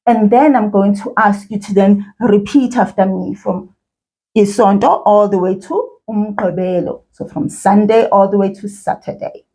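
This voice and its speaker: A woman teaching children a language lesson, speaking slowly and encouragingly and repeating words for learners to echo. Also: medium pitch, mellow. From South Africa.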